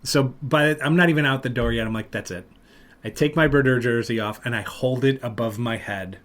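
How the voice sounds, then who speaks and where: A man hosting a podcast, telling a long story in casual chat and loudly acting out what people said. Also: mid-range voice, a little fast. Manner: animated, acts out loud quotes of other people. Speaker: podcast host.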